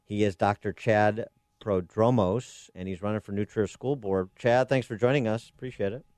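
A man's voice: fairly low pitch, fairly even intonation, moderate pace, a little mellow, no echo. A man hosting a talk radio show, delivering opinionated commentary and firing off repeated rhetorical questions.

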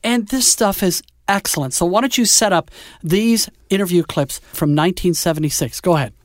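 A man hosting a music radio show, chatting in an animated, joking way. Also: sits high, fairly quick, no echo, clean studio sound. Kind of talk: casual chat.

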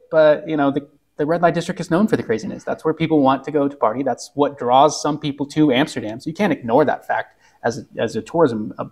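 A man co-hosting a travel industry podcast, chatting casually and reading news items. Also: mid-range voice. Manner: conversational, reads travel news segments. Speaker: podcast co-host.

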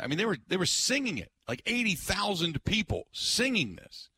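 Animated laughing male radio host. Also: fairly high pitch, moderate pace, few pauses. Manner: laughs often, animated storytelling. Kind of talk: casual talk radio chat.

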